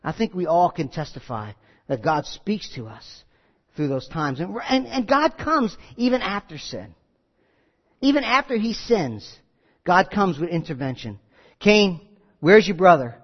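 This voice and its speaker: A man preaching a sermon, animated and acting out the voices he quotes. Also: high voice, a little slow, husky. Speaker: pastor. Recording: dull lo-fi recording with long hall reverb.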